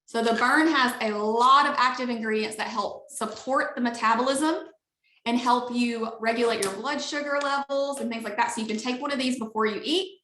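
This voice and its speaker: Bright, eager Alabama woman selling hard on a video call; higher voice, roomy echo. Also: fairly even intonation, normal speed, slight background noise. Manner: upbeat, gushing, chatty. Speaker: network marketing leader. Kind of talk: enthusiastic sales pitch on a video call.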